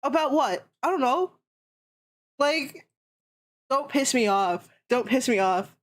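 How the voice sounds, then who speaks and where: A woman's voice: high-pitched, animated, slow. A young woman streamer ranting heatedly and sarcastically in casual chat, swearing constantly.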